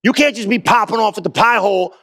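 A male pastor preaching in a loose, street-talk manner, full of quick questions to his listeners. His voice sits high for a man and rings bright and forceful. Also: creaky. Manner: casual, slangy preaching with call-and-response questions. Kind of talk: sermon.

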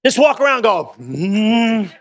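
A male pastor preaching in a loose, street-talk manner, full of quick questions to his listeners. His voice sits high for a man and rings bright and forceful. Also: expressive. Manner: casual, slangy preaching with call-and-response questions. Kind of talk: sermon.

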